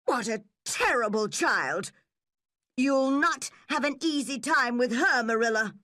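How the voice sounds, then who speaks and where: A woman's voice: fairly high pitch, lively intonation, measured pace, sharp tone, no room sound, clean studio sound, voice pushed up. A woman voicing a nosy, blunt older village woman who tuts and disapproves in a storybook reading. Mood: disapproving. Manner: tutting and disapproving.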